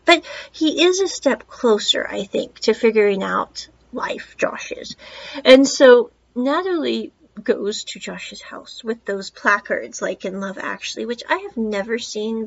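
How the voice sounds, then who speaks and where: A woman's voice: mid-range voice, breathy edge. Woman podcast host, casual film reviewer, rambling asides, muffled lo-fi recording. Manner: chatty, rambling retelling with asides.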